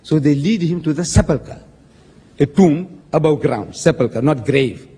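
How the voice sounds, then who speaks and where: Heard in an echoey hall with long reverb, a man with a slightly high, animated, mellow and husky voice debates religion publicly without hurrying. He quotes scripture with dramatic emphasis, addresses his opponent as sir, and argues in an emphatic, pointed way.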